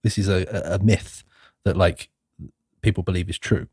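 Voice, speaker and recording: A man's voice: sits low, fairly even intonation, moderate pace, darkish tone, breathy edge, no room sound, studio quality. A young man co-hosting a podcast, chatting casually about a film with fillers and laughs. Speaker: podcast co-host. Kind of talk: casual film review chat.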